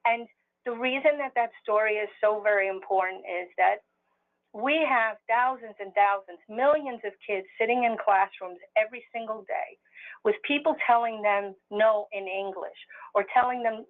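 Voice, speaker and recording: A woman's voice: mid-range voice, normal speed. Woman telling a heartfelt story, earnest, sounds like a phone call. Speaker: webinar presenter. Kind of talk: personal storytelling. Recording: phone-line audio.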